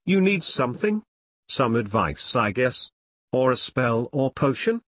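A man voicing a cranky old male pumpkin elf who speaks in an angry, gruff old man voice. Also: medium pitch, sing-song, a little slow, a bit bright, no echo, clean studio sound.

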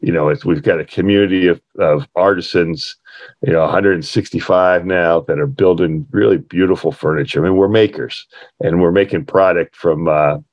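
Low-voiced man telling a story, dry mic. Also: steady tone, darkish tone, no room sound, highs cut off. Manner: halting, many fillers and restarts, acts out quoted voices in a higher pitch. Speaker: furniture company owner, guest. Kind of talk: anecdotal storytelling in an interview.

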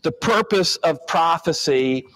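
A man's voice: on the high side, lively intonation, slow pace, fairly bright tone, rough recording. A man preaching a sermon, reading scripture aloud and explaining it verse by verse.

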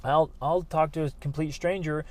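A man hosting a podcast, telling his own stories in an earnest, animated way with frequent restarts. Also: on the high side, normal speed, no echo. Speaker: podcast host. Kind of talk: motivational podcast monologue.

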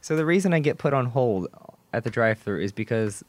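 Man, mid pitch, bemused casual reactions. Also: lively intonation, brisk, slight background noise. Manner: short bemused reactions and questions. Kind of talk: casual chat.

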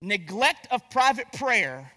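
A man from Gastonia, North Carolina, with a Southern accent, preaches a sermon in a church sanctuary that sounds like a large hall. He is a pastor, and his voice sits high, very animated and bright, with a forceful tone and a slow pace. He keeps it conversational and joking, often restarting his sentences.

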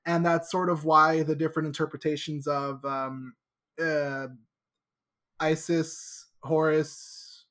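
A young adult co-host casually retelling a book's plot in an animated way, slipping into quick acted quotes of the characters. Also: medium pitch. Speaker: podcast co-host. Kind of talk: casual book discussion chat.

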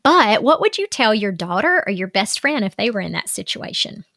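A woman's voice: mid-range voice, sing-song, normal speed, a bit bright, no echo. Chatty woman life coach, dry sound. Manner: chatty, frequent "like" fillers. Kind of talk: casual self-help advice talk.

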